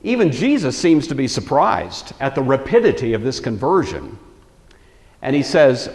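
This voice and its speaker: A man's voice: a little high, sing-song, normal speed, darkish tone, in a large hall. A man teaching a Bible lecture in a conversational storytelling way, acting out the quoted lines.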